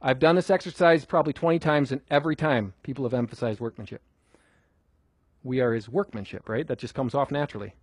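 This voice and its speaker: A man's voice: mid-range voice, quick pace, few pauses, breathy edge, no room sound. A man teaching a group how to memorize Scripture in a conversational way, asking questions and repeating phrases for emphasis. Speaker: Bible teacher.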